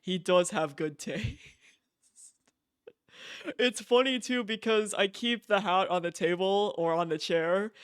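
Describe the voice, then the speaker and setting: A young man streaming live from home, gushing and excited, repeating himself and laughing often. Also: high-pitched, no echo, clean studio sound. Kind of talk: casual live-stream chat.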